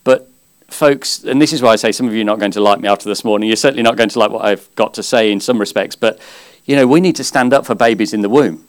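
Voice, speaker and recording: A man's voice: on the low side, quick pace, clean tone. Earnest male preacher giving a sermon. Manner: earnest, conversational, with gentle humor. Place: church service.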